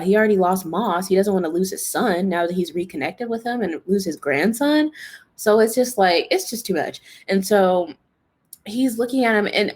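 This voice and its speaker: A woman hosts a casual TV recap podcast. She is animated and chatty, with plenty of fillers, and she acts out what the characters say. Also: lowish voice. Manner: animated, acts out characters' lines, exclaims and laughs; chatty, lots of fillers like "like" and "you know". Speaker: podcast host.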